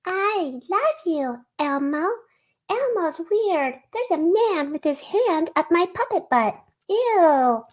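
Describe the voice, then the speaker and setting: A woman voicing a silly, childlike puppet monster in a high, squeaky voice. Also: sing-song, slow pace, exaggerated voice.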